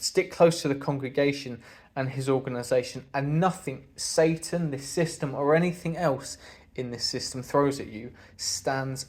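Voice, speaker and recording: A man delivers a sermon talk to his congregation in an earnest, conversational way. His voice sits a little high for a man. He keeps putting rhetorical questions to the listeners. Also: measured pace, a little mellow. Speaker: congregation speaker.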